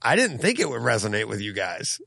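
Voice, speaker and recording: A man co-hosting a casual podcast chat, animated and laughing, jumping to a high teasing voice when excited. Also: fairly quick, creaky, slightly rough, dry recording, studio quality. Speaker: podcast co-host.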